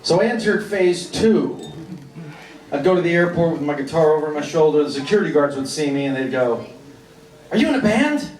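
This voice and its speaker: A man's voice: fairly high pitch, fairly quick. A man from New York telling a wry, self-mocking story on a club stage, acting out other people's voices. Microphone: stage microphone heard from the room. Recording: roomy live club recording from far off. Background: loud crowd laughter and club noise.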